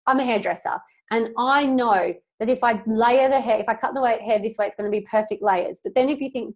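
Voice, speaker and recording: A woman's voice: a little high, a little fast, few pauses. A young woman hosting a solo motivational podcast, talking casually and emphatically, swearing freely as she coaches her listeners.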